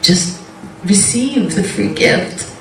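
Slow-talking woman giving a faith testimony. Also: medium pitch, expressive, fairly bright tone, slight background noise. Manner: rambling, self-interrupting storyteller who laughs often. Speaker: Christian speaker sharing a testimony. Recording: roomy, distant mic.

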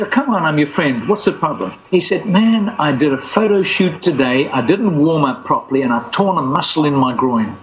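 Animated male storyteller, slight hiss. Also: on the high side, poor audio. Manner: animated, acts out quoted voices. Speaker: guest storyteller. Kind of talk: conversational testimony storytelling.

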